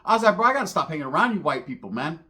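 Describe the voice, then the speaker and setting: His voice a bit high and his delivery racing, a man rattles off a crude, comic street yarn. The telling is animated and slangy, and he voices each person in the story himself.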